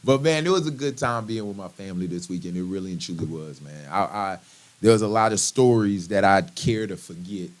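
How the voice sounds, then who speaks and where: Lively male comedian telling a story. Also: low-pitched, brisk. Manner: animated, laughs often while telling stories. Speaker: comedian guest. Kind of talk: comic storytelling in conversation.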